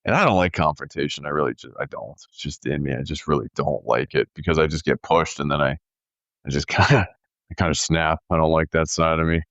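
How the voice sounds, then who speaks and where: A man in his thirties telling a story in casual podcast chat, animated and peppered with "dude" and "like". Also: extremely low pitch, brisk, no room sound, highs cut off. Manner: animated storyteller, says "dude" and "like", acts out quoted voices. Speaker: podcast co-host.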